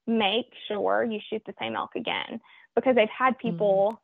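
A woman from Oklahoma, a guest telling a hunting story in an interview, reflective and halting with many fillers. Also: medium pitch, fairly even intonation, creaky, no echo. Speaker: guest hunter. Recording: tinny phone line.

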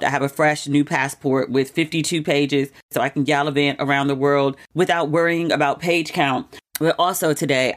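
A woman in her forties, a podcast host, telling a personal story in a chatty, expressive way with quick asides and frequent laughter. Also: low voice.

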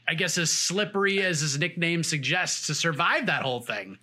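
Energetic male sports show host. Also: a little high, moderate pace. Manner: energetic, hype introductions. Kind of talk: sports interview hosting.

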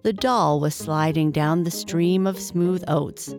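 A woman narrating a bedtime story in a slow, gentle, soft-spoken way. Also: fairly low pitch, music in the background.

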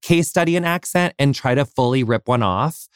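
A man's voice: mid-range voice, animated, moderate pace, clean tone, dry recording, clean studio sound. An American man hosting a podcast interview, gushing and effusive, full of fillers and casual swearing. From United States. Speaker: podcast host.

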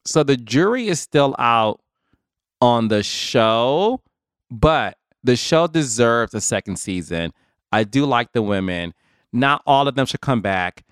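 Smooth-voiced man hosting a chatty podcast. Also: mid-range voice, takes it slowly, dry recording, clean studio sound. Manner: chatty, animated, addresses listeners as y'all. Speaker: podcast host. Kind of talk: casual solo commentary.

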